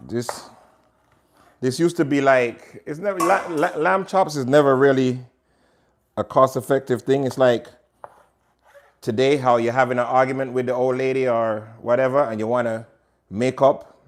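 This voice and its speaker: A man's voice: medium pitch, steady tone, normal speed, pauses often. Chatty Jamaican-accented man cooking. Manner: chatty, talks straight to viewers. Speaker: cooking show host. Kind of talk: casual cooking demonstration.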